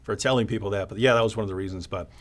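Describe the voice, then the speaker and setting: Speaking very fast in a lowish voice, a man co-hosts a casual live stream. His storytelling is animated, full of energy, and he acts out the words of others, mimicking opponents.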